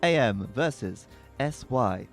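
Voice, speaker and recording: A man's voice: medium pitch, expressive, slow, faint music behind. A man casting a strategy game match in a casual, joking way, sometimes stumbling over names. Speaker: esports commentator.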